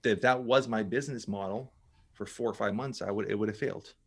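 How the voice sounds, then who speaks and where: A middle-aged man speaks quickly in a fairly low voice as a podcast guest. He talks with emphatic drive, often restarting and repeating words as he pushes his point. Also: slightly rough. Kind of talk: casual interview talk.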